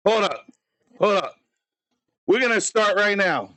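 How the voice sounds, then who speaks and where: Male streamer, high-pitched, unhurried, playing up outrage on a live stream. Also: expressive, pushed and bright, dry recording, low-quality recording. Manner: mock-furious, theatrical ranting.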